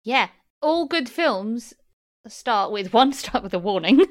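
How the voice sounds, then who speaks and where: A woman's voice: a little high, expressive, slow pace. A woman co-hosting a podcast, chatting casually about a film and laughing often. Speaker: podcast co-host.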